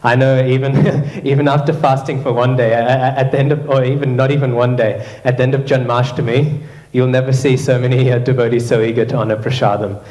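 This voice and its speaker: A man's voice: mid-range voice, level tone, fairly quick, darkish tone. A man giving a scripture class, telling a story with quoted dialogue, frequent fillers and a questioning "hmm?" to his listeners. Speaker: class speaker. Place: temple hall. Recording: roomy echo.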